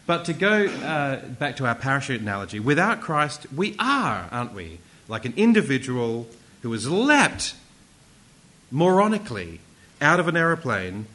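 A man preaches a sermon in a lively, animated way, his voice rising and falling widely. He presses hard on the key points and slips in casual asides and self-corrections. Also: medium pitch, poor audio.

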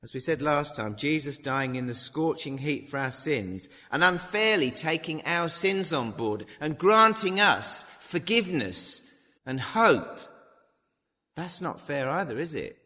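A man's voice: a little high, very animated, a little slow, pushed and bright. A man preaching a sermon in a chatty way, adding tag questions and acting out the dialogue of the story. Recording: long hall reverb.

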